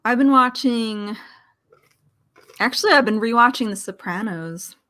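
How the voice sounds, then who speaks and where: A woman from Philadelphia, a guest on a casual chat show, telling animated anecdotes full of quoted dialogue. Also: on the high side, a little slow.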